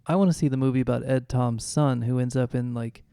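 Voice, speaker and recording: A man's voice: medium pitch, fairly even intonation, a little fast, gravelly, dark tone, smooth, no room sound, clean studio sound. A man co-hosting a casual film podcast, talking through his points step by step. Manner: thoughtful, builds points step by step. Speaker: podcast co-host.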